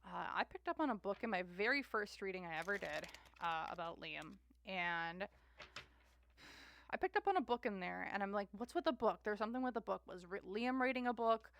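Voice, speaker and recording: A woman's voice: medium pitch, expressive, a little fast, creaky, a bit bright, a little hiss or hum. A woman giving a casual, rambling tarot reading monologue, repeating herself and trailing off into fillers. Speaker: tarot reader.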